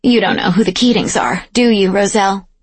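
A man's voice: sits high, fairly quick, slightly rough, dry recording. A woman voicing a scornful, crude young nobleman who sneers and barks orders, in an audiobook.

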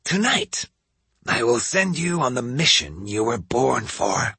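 A man voicing a vain, teasing old noblewoman with a raspy voice in an audiobook. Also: mid-range voice, very animated, slow, pushed and bright, dry recording, exaggerated voice. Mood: imperious. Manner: sly, teasing, imperious. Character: old woman lady, sly, teasing, vain, drinks and smokes. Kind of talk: audiobook character voice.

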